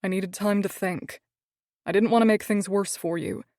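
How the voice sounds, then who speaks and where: A woman's voice: medium pitch, steady tone, moderate pace, warm tone, dry recording, studio quality, natural voice. Woman voicing a grumpy, commanding man. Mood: brooding. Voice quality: raspy. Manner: curt, commanding. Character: grumpy, controlling young man, low raspy voice.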